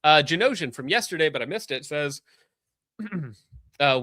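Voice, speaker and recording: A man hosting a casual livestream, reading donations with sarcastic jokes and quick asides. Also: a little high, animated, bright, forceful tone, dry recording, clean studio sound.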